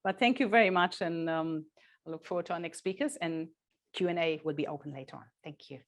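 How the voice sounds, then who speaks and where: A woman speaking at a parenting workshop, lively and practical, often acting out little quotes of parents and children. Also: low voice, brisk, slight background noise. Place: children's centre meeting room.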